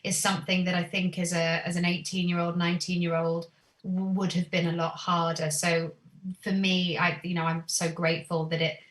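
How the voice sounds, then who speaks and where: A woman who sings and teaches singing, appearing as a podcast guest, reflects on her voice and her upbringing in a thoughtful, earnest way, growing animated whenever she quotes herself. Her voice is fairly low and her pace moderate, captured from a distance in an echoey room, giving the exchange the feel of a reflective interview.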